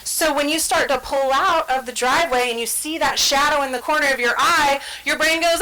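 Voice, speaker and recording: A woman's voice: high voice, fairly quick, few pauses, bright, forceful tone, slight background noise, low-quality recording. A woman giving an educational talk, explaining ideas conversationally and acting out everyday scenes with quoted inner voices. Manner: conversational, checks in with "right?". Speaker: trainer presenting on stress and the brain.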